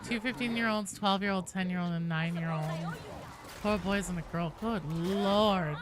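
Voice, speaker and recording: A woman's voice: medium pitch, normal speed. A woman in her thirties chatting casually with her stream viewers, rambling with lots of restarts and fillers. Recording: clear background noise.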